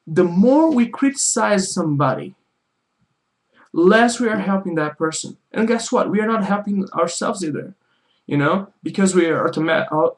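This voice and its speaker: A man vlogging, talking earnestly to viewers and giving advice, often repeating his point. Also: fairly high pitch. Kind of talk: casual talk to camera.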